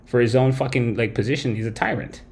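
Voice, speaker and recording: A man's voice: medium pitch, fairly even intonation, fast talker, darkish tone. A man hosting a late-night livestream, ranting bluntly with constant swearing and tagging his points with "right?". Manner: blunt, heavy swearing, tags lines with "right?". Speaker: livestream host. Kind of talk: profane late-night stream rant.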